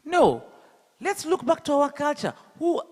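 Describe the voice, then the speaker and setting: A man's voice: extremely high pitch, wildly swooping pitch, a little slow, darkish tone, big-room sound. A man from Kenya with a Luo accent, giving an emphatic public talk full of rhetorical questions to the audience. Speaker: speaker at an education event.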